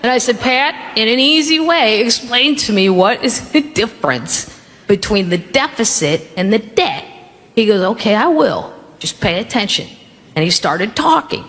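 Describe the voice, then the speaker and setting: On stage at a comedy club, a woman comedian with a slightly high, animated voice tells rambling, self-mocking stories at a moderate pace during her stand-up routine. The club is reverberant, and the audience laughs loudly.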